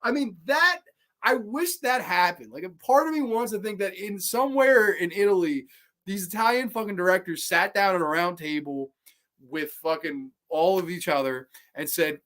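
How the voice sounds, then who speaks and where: A man's voice: sits high, expressive, moderate pace, fairly bright tone. A man hosting a horror movie show, talking about films in a profane, rambling, enthusiastic way. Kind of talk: casual film review talk.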